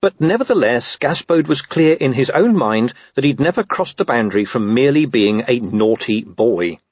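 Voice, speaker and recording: Male audiobook narrator, wry and animated; dry close mic. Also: mid-range voice, moderate pace, no room sound, dull audio. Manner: lively, wry storytelling. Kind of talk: scripted narration of a comic fantasy novel.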